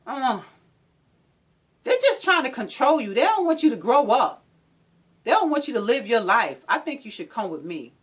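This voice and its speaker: A controlling abusive man, his voice pitched high and pushed loud, presses and repeats himself, sweet one moment and menacing the next, as a woman plays him. The voice jumps around a lot in pitch. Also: very animated, normal speed, pauses often, husky. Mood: domineering. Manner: pleading then shouting, repetitive. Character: controlling abusive male partner, sweet-talking then menacing.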